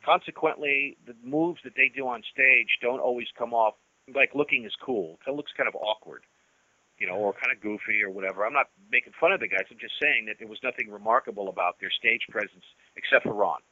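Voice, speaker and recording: A man's voice: mid-range voice, a little fast, sharp tone, no room sound, lo-fi sound. A man guesting on an interview, telling long stories in a loose, rambling way full of restarts and "you know". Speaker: guest musician. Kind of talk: casual storytelling interview.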